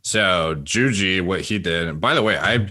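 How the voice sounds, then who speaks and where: Man, deep voice, bright tone, casual podcast chat, rambling. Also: moderate pace. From Canada. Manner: rambling, with many filler likes and restarts. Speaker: podcast guest. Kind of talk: casual conversation.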